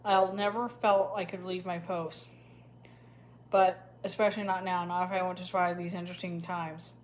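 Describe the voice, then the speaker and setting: A woman's voice: on the low side, level tone, normal speed, muffled recording, natural voice. A woman voicing a scheming middle-aged male official who speaks in a lazy, self-satisfied drawl. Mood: sly drawl.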